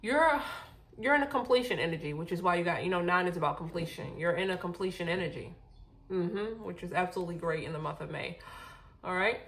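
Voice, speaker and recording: A woman's voice: fairly low pitch, fairly quick, a bit bright. A woman giving a casual spiritual tarot reading, out of breath, reassuring and often correcting herself. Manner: reassuring, repeats okay, self-corrects often. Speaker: tarot reader.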